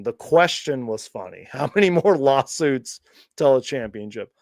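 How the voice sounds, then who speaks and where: A chatty man runs a casual live question-and-answer stream, rambling and correcting himself as he goes. His voice sits a little high, and the sound is dry and close. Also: vocal fry, no room sound. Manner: chatty, rambling, self-correcting, laughs often. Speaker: host of a fan live stream.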